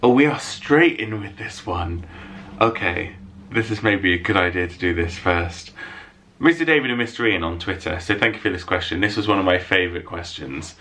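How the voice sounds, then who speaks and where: A man's voice: low-pitched, expressive, moderate pace, fairly bright tone. A man talking casually to camera at home, answering viewer questions in a jokey, self-mocking way. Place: room at home lit by a window.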